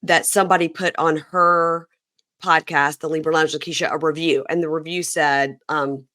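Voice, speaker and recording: A woman with a low voice and a creaky vocal fry hosts a podcast in easy, casual chat. She tells stories with animation, acting out quoted lines. The sound is close and dry. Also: moderate pace, dry recording. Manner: animated storytelling, acts out quotes. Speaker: podcast host.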